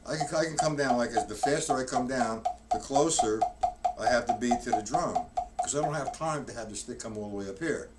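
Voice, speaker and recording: A man teaching drums on a live stream, rambling and correcting himself as he counts out loud. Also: mid-range voice, brisk. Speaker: drum teacher. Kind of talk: live-streamed drum lesson. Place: practice room with a drum kit. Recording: distant mic, noisy room.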